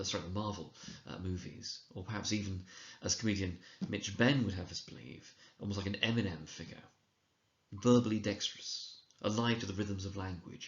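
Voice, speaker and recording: A low-voiced man talks through a recorded lecture in a measured, explanatory way and reads quotations slowly for effect. The recording is roomy and a little dull. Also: vocal fry. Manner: explanatory, measured, with occasional slips and restarts; reads quoted lines slowly and dramatically. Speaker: teacher trainer.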